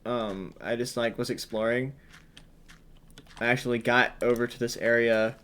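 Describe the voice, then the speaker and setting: A man giving casual gameplay commentary, thinking aloud with lots of ums and sudden excited bursts when an idea strikes. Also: mid-range voice, normal speed, clean tone.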